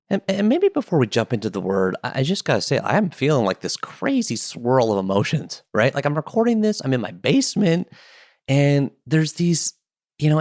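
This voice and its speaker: A man's voice: medium pitch, darkish tone. Guy doing his podcast from the basement, playful chatty tangents, voice jumps up and down a lot. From Canada. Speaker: podcast host. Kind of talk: solo podcast monologue. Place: home basement.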